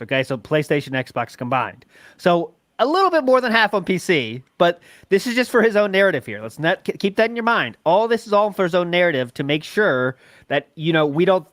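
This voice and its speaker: A man's voice: fairly high pitch, fairly bright tone, no echo, studio quality. A man hosting a casual podcast, rambling, stumbling over his words and swearing casually. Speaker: podcast host.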